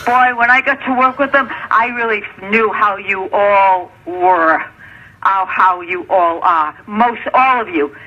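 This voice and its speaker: A woman's voice: medium pitch, unhurried. A middle-aged woman leaving an angry, profane voicemail, ranting and repeating herself. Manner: furious, profane, repetitive ranting. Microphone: telephone. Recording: lo-fi phone voicemail.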